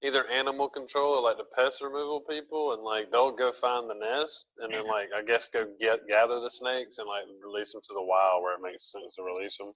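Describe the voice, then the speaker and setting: A man's voice: fairly low pitch, fairly even intonation, a little fast, few pauses, fairly bright tone. A man hosting a podcast, chatting casually and asking teasing, joking questions. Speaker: podcast host. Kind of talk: casual chat. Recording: dull lo-fi sound.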